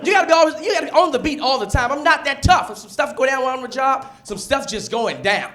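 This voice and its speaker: A man from the United States performing a stand-up comedy set on a club stage with punchy, animated delivery. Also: very high-pitched, quick pace, hardly any pauses. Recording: live club set with audience laughter. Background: crowd laughter and room noise.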